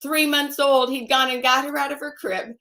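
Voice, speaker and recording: A woman giving a halting, emotional personal testimony as a guest, often repeating her phrases and turning to scripture. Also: sits high, steady tone, pushed and bright. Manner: religious, recites scripture.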